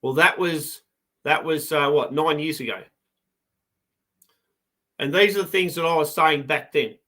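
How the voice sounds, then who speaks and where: Middle-aged Australian farmer, male, on a live stream; combative and fired up, with a pushed, forceful voice. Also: fairly high pitch, a little slow. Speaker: farmer and farm advocate. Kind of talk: live broadcast commentary.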